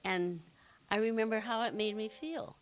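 A woman's voice: mid-range voice, moderate pace, rough recording. An older woman from the congregation recalling a personal memory in a hesitant, reflective way. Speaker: congregation member.

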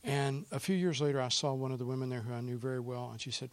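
Emotional pastor, soft then fervent. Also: male voice, mid-range voice, fast talker, vocal fry. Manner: emotional, softly spoken then fervent in prayer. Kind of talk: church talk and prayer. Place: church service.

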